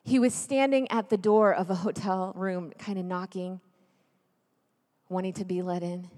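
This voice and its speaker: A woman's voice: lowish voice, normal speed. A woman in her thirties telling a family story as part of a sermon, chatty and jokey, turning earnest. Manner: lively, chatty, jokey, then earnest and hushed. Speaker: speaker at a church gathering. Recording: long reverb of a large hall.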